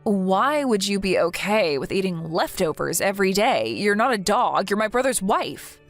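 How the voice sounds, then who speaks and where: Text-message story: a woman playing a caring, outspoken young woman, firm and reassuring, mid pitch. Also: very animated, moderate pace, soft background music.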